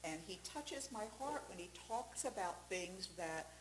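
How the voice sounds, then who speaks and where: A woman, a congregation co-president, presenting a gift with a joking, halting speech full of fillers. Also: medium pitch, expressive. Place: synagogue sanctuary. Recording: echoey room with faint hum.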